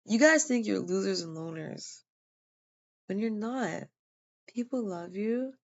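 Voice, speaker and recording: A woman's voice: medium pitch, lively intonation, takes it slowly. A tired, yawning woman telling a personal story in a casual, rambling way, with lots of fillers and restarts. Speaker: vlogger sharing a personal testimony. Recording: dull lo-fi recording.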